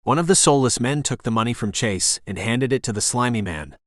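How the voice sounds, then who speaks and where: A man's scripted audiobook narration proceeds in a steady, level storytelling manner at medium pitch and a brisk pace. The recording is dry and cleanly studio-produced.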